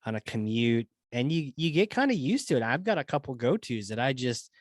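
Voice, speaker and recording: A man's voice: medium pitch, sing-song, brisk, dry recording. A man hosting a podcast interview, chatting in an easygoing, enthusiastic way. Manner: easygoing, enthusiastic, chuckles often. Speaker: podcast host. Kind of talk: casual interview chat.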